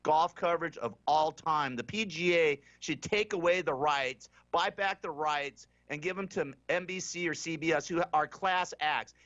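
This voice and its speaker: A man's voice: fairly high pitch, a bit bright, dry recording. A man hosting a radio talk show, ranting brashly in casual talk and laughing often, heard through a dull, muffled broadcast.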